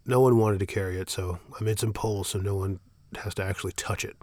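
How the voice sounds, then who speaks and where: A man voicing a worried young male priest who calls out urgently and then explains patiently, with a gravelly voice. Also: fairly low pitch, steady tone, quick pace, darkish tone, no room sound, natural voice. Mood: explaining. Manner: urgent, raised and strained.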